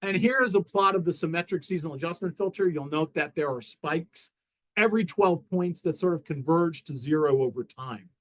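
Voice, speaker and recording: A man talking through slides at a technical seminar. His voice sits a little high for a man. He speaks haltingly, restarting phrases and filling gaps with "uh" as he explains each step. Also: low-quality recording. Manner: halting, frequent restarts and fillers while walking through slides. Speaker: presenter.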